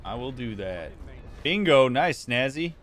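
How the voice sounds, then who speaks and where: A relaxed man casually commenting on the game he is playing, with an amused, chatty delivery. His voice sits at a middle pitch, with a faint background noise underneath. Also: unhurried. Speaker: therapist gaming host.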